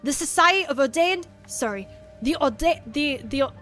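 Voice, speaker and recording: A woman's voice: sits high, expressive, fairly bright tone, faint music behind. A woman voicing a charming seventy-year-old Scottish man, a doctor who stutters and restarts his words. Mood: courteous. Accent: attempted Scottish. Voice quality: stuttering, halting speech.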